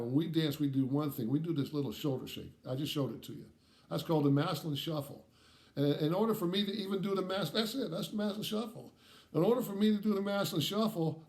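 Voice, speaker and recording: A middle-aged man from Ohio telling a personal story in an animated way, dropping to a soft hush when it turns emotional. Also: on the high side. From Ohio, USA. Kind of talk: storytelling talk.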